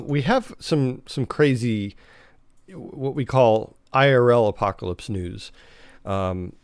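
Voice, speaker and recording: A man's voice: medium pitch, no echo, clean studio sound. Man rambling casually on a podcast. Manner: rambling, full of fillers and restarts. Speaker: podcast host. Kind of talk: casual solo podcast talk.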